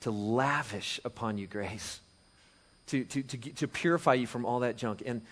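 A man preaching a sermon as pastor, conversational and animated, moving from hushed to loud and emphatic. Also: medium pitch, moderate pace. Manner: conversational with frequent restarts and chuckles.

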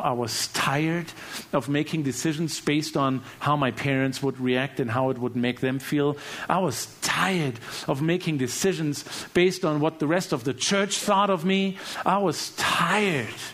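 A man from Germany with a German accent, giving an earnest testimony that swings from hushed lines to loud bursts. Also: mid-range voice. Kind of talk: testimony sermon.

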